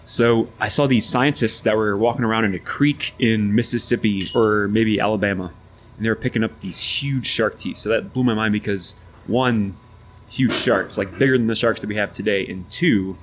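A man's voice: on the low side, fairly even intonation, normal speed, slight background noise. A man who is a geology professor, thoughtfully explaining his interests as a podcast guest. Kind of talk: casual interview answers.

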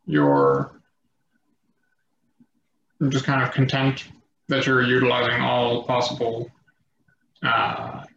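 A man narrating a tabletop game as game master, relaxed and rambling with fillers. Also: medium pitch, creaky, a little hiss or hum. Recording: echoey slightly dull room sound.

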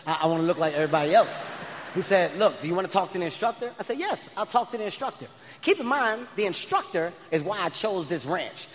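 A man in his thirties performing a stand-up comedy set, telling stories with loud animated outbursts. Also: a little high, slight background noise. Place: large arena stage. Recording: live arena with long reverb.

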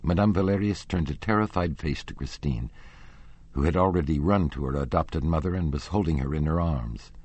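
Deep husky male audiobook narrator. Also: brisk, darkish tone, dry recording. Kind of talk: scripted narration.

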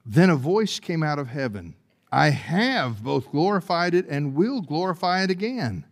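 A man with a notably high-pitched voice delivers a sermon. He tends to repeat and restart words as he goes, and he swings from quiet, low stretches to loud, climbing preaching. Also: sing-song, a little slow. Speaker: pastor.

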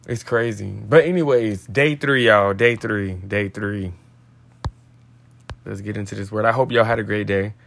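A man's voice: lowish voice, unhurried, vocal fry, a bit bright, slight background noise. Slangy man reading a casual devotional. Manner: casual, slangy, goes off on tangents. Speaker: podcast host.

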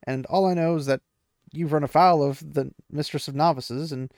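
A man's voice: on the high side, steady tone, moderate pace, darkish tone, dry recording, clean studio sound, natural voice. A man voicing a pushy young man who insists and sounds exasperated. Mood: insistent. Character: pushy young man pressing his sister.

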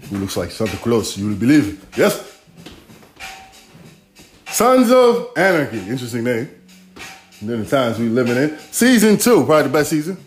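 A man's voice: mid-range voice, darkish tone, reverberant. A man in his forties hosting a podcast, rambling through a profane, streetwise solo monologue. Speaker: podcast host.

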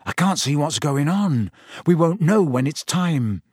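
A man's voice: fairly high pitch, animated, a little slow, husky, dry recording, clean studio sound, pitched above the performer's own voice. Harry, a man doing an urgent teenage boy. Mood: pleading. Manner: quiet, urgent pleading. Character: determined teenage boy wizard.

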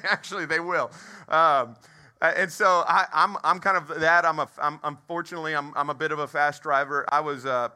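In a movie theater that functions as a church, a pastor in his thirties from Texas preaches with a slightly high, sharp-toned voice. He shares a funny story in his sermon and asks the crowd questions.

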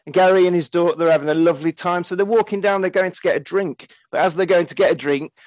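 A man with a notably high voice tells a film's plot in a lively, jokey way, swearing freely as he goes. His casual comedic recap is delivered close to the mic, dry and without room sound. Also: fast talker, no room sound, lo-fi sound. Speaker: podcast host recapping a film.

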